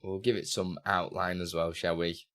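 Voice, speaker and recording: A man's voice: low voice, little pitch movement, moderate pace, fairly bright tone. A man live-streaming in casual chat, talking through what he does on screen and muttering to himself. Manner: chatty, self-narrating, muttering to himself, bursts of laughter.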